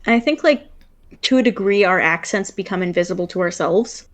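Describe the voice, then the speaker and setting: A woman's voice: medium pitch, moderate pace. A woman from Wisconsin with a Wisconsin accent, chatting casually on a livestream, full of fillers and easy laughter.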